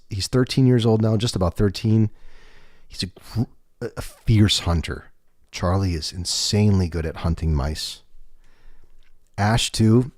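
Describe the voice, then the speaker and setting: A man's voice: lowish voice, a little mellow, no echo, studio quality. A man hosting a livestream, chatting casually in a rambling, candid way with some swearing. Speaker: livestream host.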